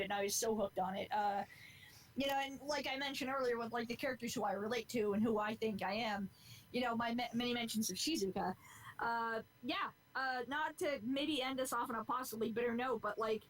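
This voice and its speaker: A woman's voice: fairly high pitch, rough recording. A woman in her twenties chatting on a podcast, earnest and rambling, swearing freely as she goes. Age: 20s. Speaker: podcast co-host. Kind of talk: casual chat.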